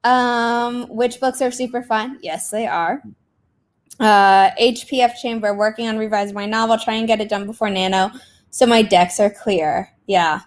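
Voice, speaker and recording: A woman's voice: fairly high pitch, moderate pace. A young woman hosting a casual writing livestream, chatty, greeting viewers with lots of fillers. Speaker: livestream host. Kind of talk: casual chat on a writing sprint stream.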